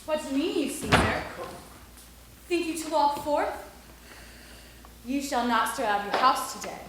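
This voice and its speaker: A woman's voice: high voice, expressive, unhurried, noisy background. A woman playing Calpurnia, a fearful Roman wife urging her husband to stay home, in an amateur stage production. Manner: urgent, pleading verse delivery. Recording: echoey room.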